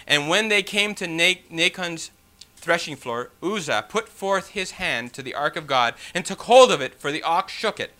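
A male preacher with a very bright, sharp-edged voice pitched a touch high for a man. He reads scripture aloud, then preaches on it with animated emphasis and rhetorical questions, dropping in casual "you know" asides. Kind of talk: sermon with scripture reading.

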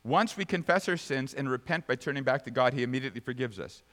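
Guy preaching a sermon, mid pitch, loud bursts then soft bits, big hall reverb. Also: lively intonation, quick pace. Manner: emphatic preaching with sudden high, loud outbursts and soft low asides. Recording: long reverb of a large hall.

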